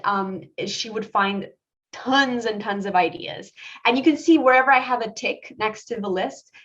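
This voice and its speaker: A woman's voice: medium pitch, fairly bright tone, highs cut off. A woman concept artist giving a chatty presentation talk about her slides, full of asides and fillers.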